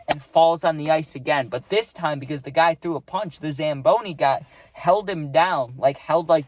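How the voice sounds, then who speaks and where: A young man casually telling a rambling story, full of fillers, acting out what he saw. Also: fairly high pitch. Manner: rambling, filler-heavy, acts out the scene.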